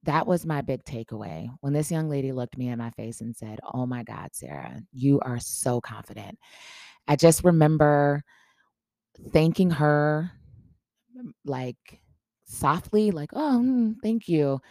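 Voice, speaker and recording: Female podcast host, storyteller who acts out dialogue, low mellow voice, dry close sound. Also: lively intonation, measured pace, gravelly, dry recording. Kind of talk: casual storytelling.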